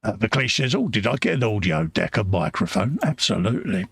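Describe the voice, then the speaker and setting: A man's voice: fairly low pitch, big pitch swings, a little fast, gravelly, fairly bright tone, breathy edge, no room sound. A British man co-hosting a live hobby stream, reading viewer comments aloud in jokey casual chat. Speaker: co-host of a live modelling stream.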